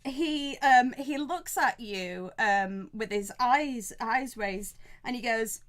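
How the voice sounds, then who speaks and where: A woman's voice: fairly high pitch, slow. A woman narrating as dungeon master, talking in a rambling way with many fillers and restarts. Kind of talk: narrating a tabletop game.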